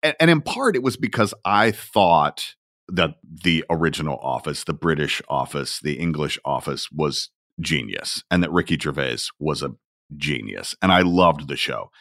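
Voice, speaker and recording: A man hosting a podcast, talking casually in an unhurried, reflective storytelling way. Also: very deep voice, lively intonation, a bit bright, dry recording, studio quality. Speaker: podcast host.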